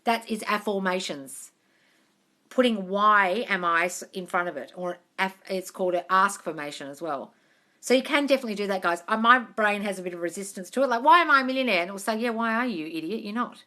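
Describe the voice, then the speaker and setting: A woman's voice: mid-range voice, lively intonation, brisk, sharp tone. A young woman reading viewer comments aloud and answering them on a live stream. She is frank and chatty, swears freely, and calls her viewers darling. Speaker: manifestation coach answering live questions. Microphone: phone at arm's length.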